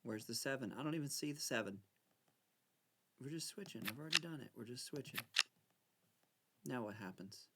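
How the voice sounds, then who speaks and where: A man casually commenting on a card game, excitable and mock-frightened, bickering back and forth as he plays. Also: medium pitch, fairly quick, pauses often, heavy background noise. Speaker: channel host playing solitaire.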